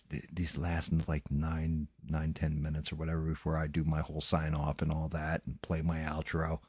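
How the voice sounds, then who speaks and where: A man's voice: very deep voice, darkish tone, breathy edge, no room sound, studio quality. A man hosting a late-night livestream, chatting loosely with frequent swearing and thanking viewers by name. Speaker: livestream host.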